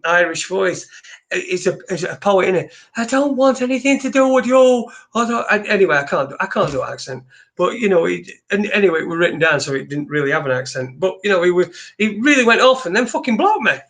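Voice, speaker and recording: A man's voice: high-pitched, fairly quick, fairly bright tone. Rambling man hosting. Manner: rambling, restarts often, swears casually. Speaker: host. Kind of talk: casual live-stream chat.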